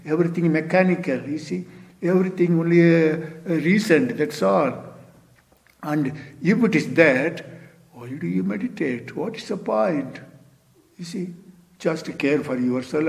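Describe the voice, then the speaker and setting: An older man gives a Zen dharma talk in a fairly high voice. He speaks unhurriedly, repeating "you see" and chuckling softly between points. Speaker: Zen teacher.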